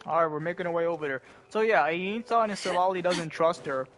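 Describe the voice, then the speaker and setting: A young male streamer reacting to a video game in a relaxed, slangy way, often stumbling and restarting his sentences. His voice sits fairly high for a man. Game music plays softly under his talk. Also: brisk. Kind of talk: casual gaming commentary. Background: game audio and music.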